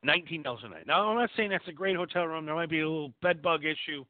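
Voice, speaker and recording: A man's voice: a little high, quick pace, no echo, phone-quality sound. A man hosting a call-in show, talking crudely and rambling. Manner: profane, rambling and animated. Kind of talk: crude casual call-in talk.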